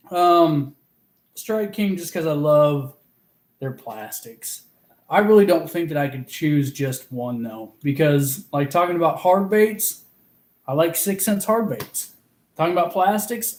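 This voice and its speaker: A man's voice: a little high, a little mellow. A man from Oklahoma hosting a casual fishing livestream, chatting, giggling and reading viewers' comments aloud. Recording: roomy echo.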